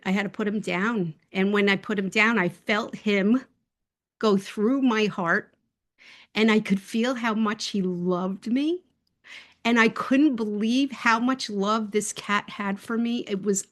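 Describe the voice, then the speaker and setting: A woman's voice: mid-range voice, fairly bright tone. A woman telling a personal story as a guest speaker in a casual, heartfelt way, rambling with many fillers and restarts, over a video call.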